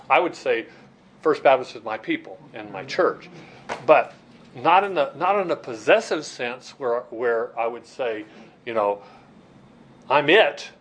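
Middle-aged male pastor, mid-pitched voice, preaching conversationally with frequent restarts. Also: poor audio. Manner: conversational preaching with many restarts and repeated words. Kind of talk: sermon.

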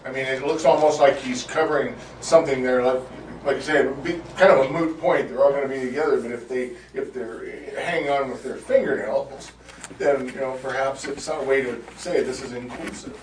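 A man's voice: medium pitch, steady tone, brisk, a little hiss or hum. A man in a Bible study group offering a tentative, thinking-aloud comment. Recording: distant and roomy.

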